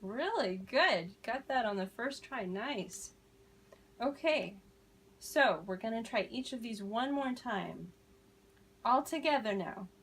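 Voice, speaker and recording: Slow-speaking woman teaching a class. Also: fairly high pitch, lively intonation, slightly rough, poor audio. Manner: slow, deliberate modeling of phrases, encouraging praise. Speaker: ESL teacher.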